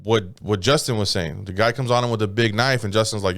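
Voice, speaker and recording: A man's voice: fairly low pitch, quick pace, no room sound, studio quality. A man casually retelling a story on a podcast, cursing freely and voicing the people in it. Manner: profane, animated retelling with voiced quotes. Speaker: podcast co-host.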